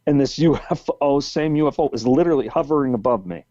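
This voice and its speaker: Animated and fast, a mid-range, dark-toned voice belongs to a man in his sixties from New England telling a long, rambling story with many restarts on a podcast. The call audio is muffled and lo-fi, with no echo.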